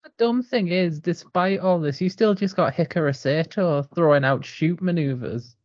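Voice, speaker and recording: A man co-hosting a casual wrestling chat, animated and joking, talking in quick bursts. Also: fairly high pitch, no echo. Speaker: podcast co-host. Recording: dull lo-fi sound.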